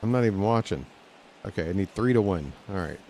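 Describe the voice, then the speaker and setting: Excitable male gaming streamer. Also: fairly low pitch, fairly quick. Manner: excitable, talks to the game, reacts loudly. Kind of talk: live gameplay commentary. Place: home room, in a lounge chair.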